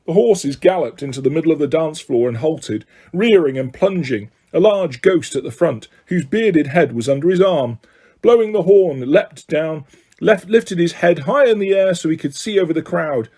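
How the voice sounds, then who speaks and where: Male audiobook reader with a mellow voice. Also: on the high side, lively intonation, moderate pace, breathy edge. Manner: slips and self-corrects, laughs. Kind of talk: amateur audiobook narration.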